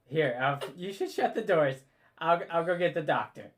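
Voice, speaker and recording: A man's voice: a little high, animated, moderate pace, natural voice. A man voicing a nervous young male lab assistant who stammers and fumbles his words. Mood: flustered. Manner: stammering, flustered.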